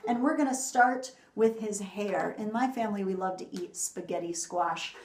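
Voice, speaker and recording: A woman leading a children's music activity, talking slowly and singing songs. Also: mid-range voice, reverberant. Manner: slow, sing-song storytelling. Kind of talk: children's song and lesson.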